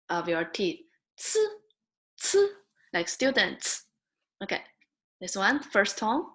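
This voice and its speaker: Lady teacher, super slow and patient, repeats each sound over and over. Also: a bit bright. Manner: patient, repeats sounds slowly and rises high on example syllables. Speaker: Mandarin teacher. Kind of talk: slow beginner language lesson.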